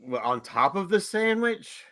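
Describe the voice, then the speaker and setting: Man, voice actor guest, casual chat, laughs a lot, bright tone. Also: high voice, big pitch swings, a little slow, no echo. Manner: laughs often, rambling and easygoing.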